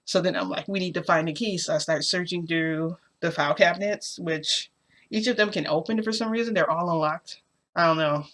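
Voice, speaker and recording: A woman's voice: lowish voice, moderate pace, a bit bright. A young woman vlogger telling a story casually, rambling with lots of filler words.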